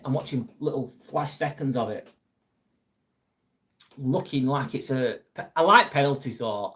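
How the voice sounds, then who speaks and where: A man hosting a casual livestream, chatting bluntly with viewers and swearing freely. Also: a little high. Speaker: livestream host reading viewer chat. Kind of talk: casual live chat.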